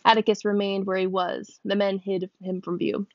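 A woman reading a novel aloud, lifting her pitch a little for the characters' lines, at times stopping to check how a word is said. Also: level tone, moderate pace, no echo. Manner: voices characters with small pitch lifts; stops to check a word's pronunciation and laughs. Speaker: reader. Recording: dull, dry close recording.

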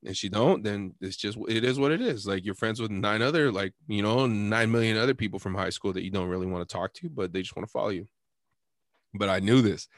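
A man's voice: on the low side, a little fast, no echo, clean studio sound. Laid-back slangy young man telling a story. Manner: laid-back slangy storyteller, laughs often, acts out both sides of the exchange. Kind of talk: casual storytelling chat.

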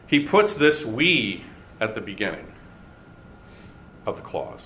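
A man teaching a Bible study class, speaking deliberately and stressing key words with pauses. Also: mid-range voice, sing-song, sharp tone.

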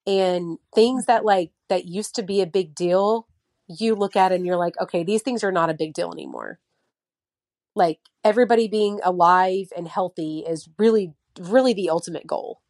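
A woman's voice: lowish voice, normal speed, darkish tone, no room sound, studio quality. A woman in her thirties in casual podcast chat, telling stories with many fillers and acting out what others said. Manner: chatty storyteller, many fillers, acts out quotes. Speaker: mother of a child with a heart condition.

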